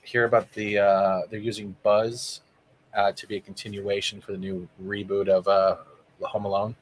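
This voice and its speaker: A man's voice: on the low side, level tone, moderate pace. A man chatting casually about shows, rambling with fan enthusiasm. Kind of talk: casual chat.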